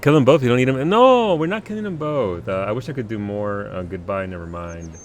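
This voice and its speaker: A man's voice: on the low side, fairly quick, slight background noise. A man streaming a game live, chatting casually with his viewers, laughing often and restarting his sentences. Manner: animated, laughing, stammering restarts. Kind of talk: casual live gameplay commentary.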